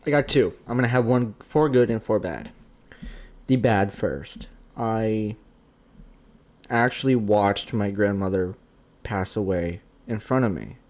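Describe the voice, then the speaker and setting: Young man, livestream host, low-pitched, candid, halting, stop-start phrasing. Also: a little mellow. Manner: candid, halting, with many restarts. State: tearful, emotional. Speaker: channel host being interviewed. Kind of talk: casual livestream chat.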